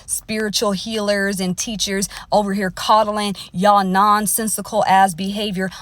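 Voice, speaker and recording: A woman's voice: medium pitch, no echo. A woman astrologer talking on a livestream from inside her parked car, lecturing bluntly with plenty of swearing and tough love. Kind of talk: casual livestream monologue.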